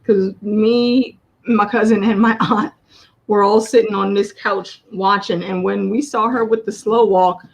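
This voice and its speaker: A woman hosting a casual show chat, talking in animated, quick bursts with laughter. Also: medium pitch, creaky. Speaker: host.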